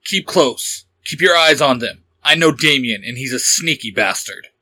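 A man's voice: medium pitch, animated, normal speed, pushed and bright, breathy edge, exaggerated voice. A man voicing a stern young male vigilante who gives clipped, firm commands in a fan audio story.

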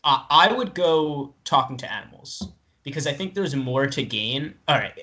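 A man's voice: a little high, expressive, moderate pace, bright, forceful tone. A young man hosting a casual chat with friends, laughing often and asking the others questions.

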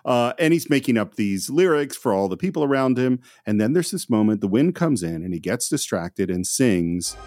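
Male film podcast host, lively pitch, dry close sound, chuckles through trivia. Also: moderate pace, few pauses, no echo. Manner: chuckling, eager trivia-sharing. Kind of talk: casual film podcast chat.

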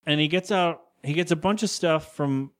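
A man's voice: fairly high pitch, fairly bright tone. A man co-hosting a podcast, casually recapping a cartoon episode and briefly acting out the characters' lines. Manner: rambling, acts out character lines in quick voices. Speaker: podcast co-host.

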